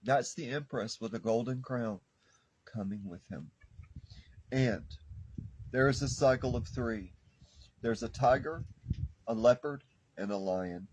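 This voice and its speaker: Slow, fervent man reading tarot. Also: fairly low pitch, darkish tone, a little hiss or hum, low-quality recording. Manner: fervent, preacher-like, repeats phrases for emphasis. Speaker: tarot reader.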